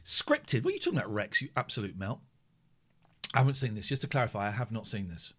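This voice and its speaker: A man streaming live, reacting to a clip of himself with mocking commentary and hushed asides. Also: fairly low pitch, fast talker, slightly rough. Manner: animated and mocking, drops to a hushed inner voice.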